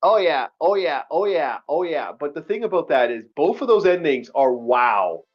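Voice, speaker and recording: A man hosting a casual online book-review chat, emphatic and animated, repeating himself often. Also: fairly high pitch, moderate pace, lo-fi sound. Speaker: podcast host.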